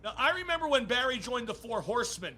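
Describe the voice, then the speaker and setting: A man's voice: very high-pitched, big pitch swings, fast talker, pushed and bright. A man interviewing a guest, asking long, leading questions. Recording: echoey room.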